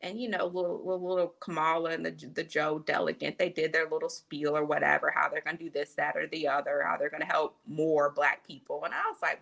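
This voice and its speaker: A woman physician, a podcast guest, telling an animated, emphatic story in casual conversation. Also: low voice, fast talker, gravelly, few pauses.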